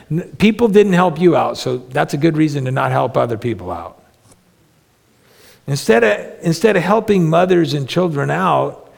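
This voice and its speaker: A man's voice: medium pitch, gravelly, breathy edge. A middle-aged man preaching a sermon as pastor, earnest and conversational, with self-deprecating humor. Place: church sanctuary. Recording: long reverb of a large hall.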